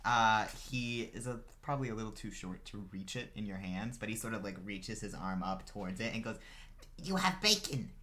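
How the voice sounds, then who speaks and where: A man's voice: lowish voice, steady tone, a little fast, hardly any pauses, a bit bright, a little hiss or hum. A man narrating a tabletop role-playing game as game master, loose and filler-heavy.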